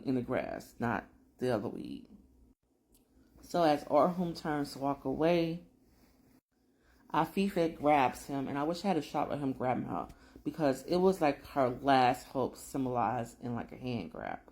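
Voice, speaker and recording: A woman giving a chatty, slangy recap of a TV episode, full of asides and quick storytelling. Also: a bass voice, expressive, warm tone. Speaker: drama recap vlogger.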